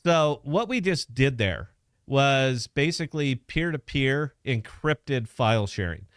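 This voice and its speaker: A podcast host talks in a loose, profane, instructional way. His voice is clean and resonant at a middling pitch. The sound is dry and close. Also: big pitch swings, slow pace, no echo. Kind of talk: casual podcast chat, demoing an app.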